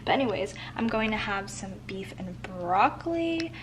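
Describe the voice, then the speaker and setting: A woman's voice: medium pitch, animated, normal speed, background noise. A young woman and student talking casually to her viewers in a day-in-my-life vlog, chatty and full of "like" fillers. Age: young adult. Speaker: vlogger.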